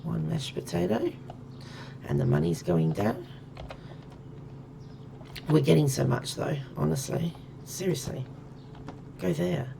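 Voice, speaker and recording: A woman's voice: low voice, big pitch swings, slow, creaky, long pauses, dark tone, slight background noise. A woman chatting casually and thinking aloud as she plays a game on stream. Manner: chatty, thinks aloud while counting items. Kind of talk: casual gameplay commentary.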